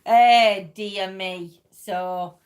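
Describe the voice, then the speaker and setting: A woman's voice: mid-range voice, steady tone, drawn-out words. A woman hosting a livestream, chatting in a rambling way and laughing often. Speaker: livestream host. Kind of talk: casual chat.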